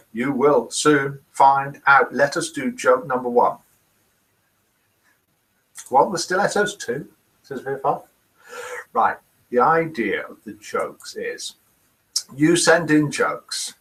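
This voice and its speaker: Chatty older host with a bright voice. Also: male voice, a little high, rough recording. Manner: chatty, reads viewers' messages aloud. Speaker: host of a live daily quiz and chat show. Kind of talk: live webcast hosting, reading out comments. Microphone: desk microphone.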